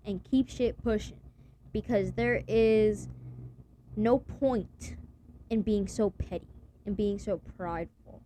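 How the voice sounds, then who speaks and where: A woman's voice: medium pitch, slow, long pauses, mellow, a little hiss or hum. A young woman vlogging in a blunt, rambling rant full of slang and swearing. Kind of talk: casual profane rant to camera.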